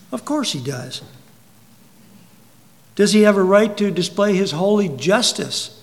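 A man preaching a sermon in a high, ringing voice. He fires rhetorical questions, pushes up to emphatic peaks, then drops low and quiet. The recording carries a long reverb tail from a large hall.

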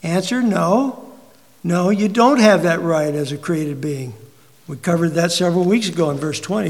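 A man preaching a sermon, asking the congregation rhetorical questions and swinging from emphatic peaks down to quiet, low asides. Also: normal speed. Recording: long hall reverb.

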